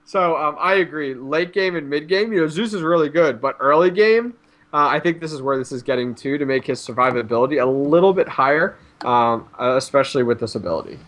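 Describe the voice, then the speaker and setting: A man hosts a laid-back gaming chat, going through patch notes with a fairly high voice. He laughs easily and throws in quick, dramatic reactions. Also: fairly bright tone. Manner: chatty, laughs often, acts out reactions. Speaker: host. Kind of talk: casual gaming podcast chat.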